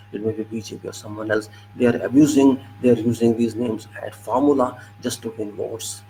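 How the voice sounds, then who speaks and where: A man with an Indian English accent delivers a solo political commentary in a forceful, lecturing way. His voice sits at an ordinary pitch with a lot of gravelly fry, and he drives his points home by repeating phrases. A faint noise runs underneath. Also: poor audio.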